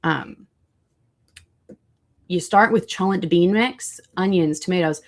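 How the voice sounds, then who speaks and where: Speaking slowly in a low voice, a livestream host chats casually with her viewers, responds to the chat and looks up foods online along the way.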